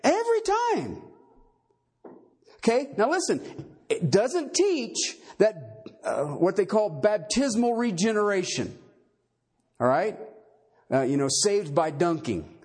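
Man, pastor, sermon, slow deliberate delivery, lively pitch swings, emphatic. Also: breathy edge. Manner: emphatic, asks the congregation rhetorical questions; fillers of okay and all right after points.

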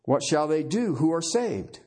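Delivering an emphatic sermon, this pastor has a fairly high, husky, slightly mellow voice that is very animated and a little slow. He throws rhetorical questions at his listeners and punctuates points with "okay" and "all right."

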